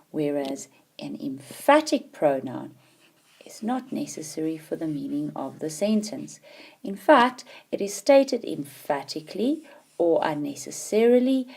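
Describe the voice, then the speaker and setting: A woman teaching a grammar lesson, explaining patiently with clear, emphatic stresses. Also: low voice, warm tone.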